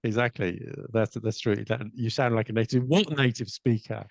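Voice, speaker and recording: A man's voice: lowish voice, vocal fry, dry recording. A man from London with a London accent, co-hosting a podcast about learning English in casual, hesitant chat. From London, England. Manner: hesitant, repeats words, explains slowly. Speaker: podcast co-host, English teacher.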